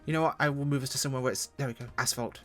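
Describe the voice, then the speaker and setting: Low-voiced woman doing chatty sim commentary. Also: fairly even intonation, very fast, a bit bright, soft background music. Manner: chatty, joking, self-mocking. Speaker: flight sim reviewer. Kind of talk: casual gameplay commentary. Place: at home.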